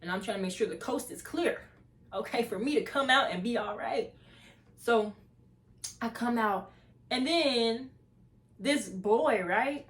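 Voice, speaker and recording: A woman's voice: a little high, unhurried, long pauses. A young woman vlogger telling a story casually and animatedly, acting out the voices of the people in it.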